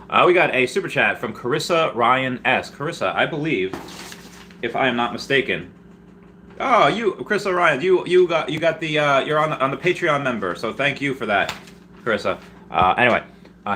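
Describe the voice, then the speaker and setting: A man hosting a casual livestream Q&A, rambling and restarting, with sudden excited jumps in pitch. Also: moderate pace, a little hiss or hum. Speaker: livestream host answering viewer questions.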